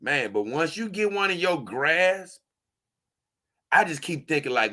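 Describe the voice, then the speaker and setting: A man's voice: on the high side, sing-song, measured pace, pauses often, sharp tone. A man vlogging casually, answering viewer comments in an emphatic, repetitive, slangy way and often tripping over his words. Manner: trips over his words, frequent restarts. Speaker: doll-collecting vlogger.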